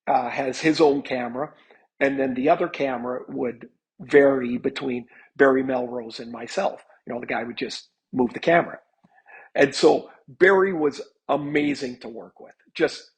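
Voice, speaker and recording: A man's voice: medium pitch, husky, low-quality recording. A man in his fifties, a hockey analyst, telling stories in a chatty podcast interview, with many restarts.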